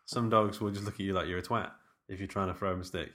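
Podcast co-host, man, lower pitch, bright tone, loose rambling chat. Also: steady tone, quick pace. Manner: rambling, self-correcting, laughs easily. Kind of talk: casual chat.

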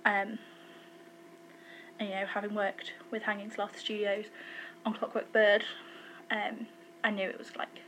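A woman's voice: medium pitch, completely flat delivery, unhurried, long pauses, fairly bright tone, slight background noise, rough recording. A woman voice actor answering an interview question in an upbeat way. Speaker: audio drama voice actor.

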